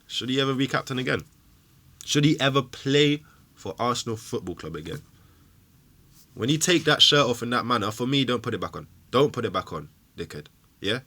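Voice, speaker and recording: A man's voice: mid-range voice, expressive, fairly quick, sharp tone. A man hosting a football fan show, ranting angrily and emotionally with heavy swearing. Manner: angry, swearing, emphatic rant.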